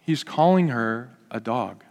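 A man's voice: mid-range voice, measured pace. Man preaching in a reverberant hall. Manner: lively, asks the audience questions, acts out quotes. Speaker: pastor. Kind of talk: conversational sermon.

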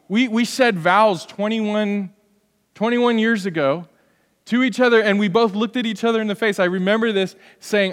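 A pastor in his forties delivers a sermon in a church, his voice sitting fairly high for a man. He preaches in a loose, conversational way and keeps slipping into short acted-out scenes. His voice carries a long reverb from the hall. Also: normal speed. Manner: conversational, animated, acts out little scenes. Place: church sanctuary.

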